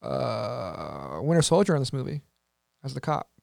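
A man's voice: mid-range voice, very animated, a little slow, gravelly, no echo, clean studio sound. A man co-hosting a podcast who gives blunt, emphatic opinions on a movie in casual chat. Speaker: podcast co-host.

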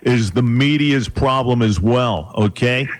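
Man, radio host, mid-pitched voice, argumentative, faint music bed. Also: a little slow. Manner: pushes back, lots of "come on" and "listen". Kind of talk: heated radio talk show debate.

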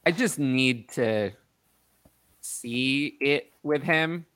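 A man hosting a casual sports talk show, opinionated and thinking out loud with frequent restarts. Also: medium pitch, drawn-out words, smooth, no room sound. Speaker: podcast host. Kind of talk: casual fantasy football chat.

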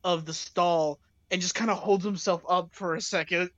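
In a casual chat, a young woman giggles through a funny story heavy with fillers. She has a fairly low, slightly bright voice and a measured pace, and the recording is dull, lo-fi, and dry with no echo.

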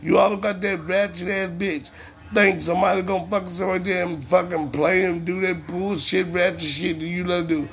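A man hosting a podcast, delivering a heated, profane rant and at times shouting. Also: high voice, steady tone, moderate pace, gravelly. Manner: ranting, heated, swearing constantly, sometimes shouting. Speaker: podcast host.

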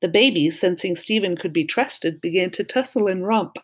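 Woman reading aloud, children's novel, calm, measured, fairly low voice.

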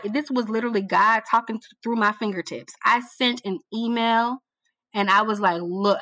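A woman being interviewed about her work as a TV producer, telling her story in a casual, animated way and repeating phrases for emphasis. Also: mid-range voice, no echo. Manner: colloquial, addresses listener as girl. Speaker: guest, TV producer.

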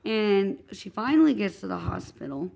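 Woman podcast co-host, gravelly tone, earnest casual storyteller. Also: medium pitch, animated, moderate pace, a little mellow. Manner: earnest, retelling events step by step.

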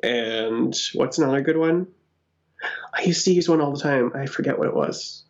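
A man co-hosting a casual gaming chat, enthusiastic and quick to giggle. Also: medium pitch, gravelly, darkish tone. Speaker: podcast co-host. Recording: dull lo-fi sound.

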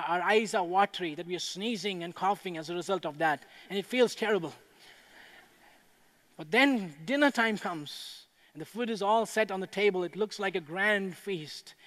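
A high-pitched male pastor preaching in a big, echoing hall. He speaks in measured, earnest phrases and rises to fervent, ringing declarations. Every line carries a long reverb tail. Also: fairly bright tone. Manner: builds to impassioned proclaiming. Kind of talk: sermon.

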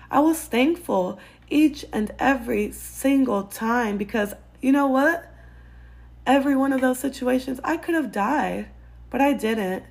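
A woman's voice: a little high, vocal fry. A woman podcast host giving personal faith-based advice, earnest and candid, with casual swearing.

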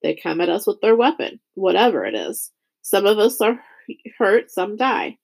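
A woman reading a weary, thoughtful father in a storybook, softer and lower than her narration. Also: big pitch swings, normal speed, vocal fry, slightly rough, heavily acted. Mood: grave.

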